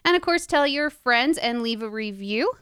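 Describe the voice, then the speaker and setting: A woman's voice: a little high, expressive, moderate pace, a bit bright, clear, resonant tone, no room sound, studio quality. A woman hosting a podcast episode, upbeat and friendly as she introduces her guests. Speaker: podcast host.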